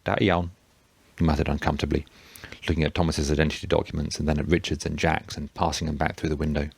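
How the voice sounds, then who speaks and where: A man reading a novel aloud in steady, measured narration. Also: rumbling low, vocal fry, breathy edge, no echo. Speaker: audiobook narrator. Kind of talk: scripted narration.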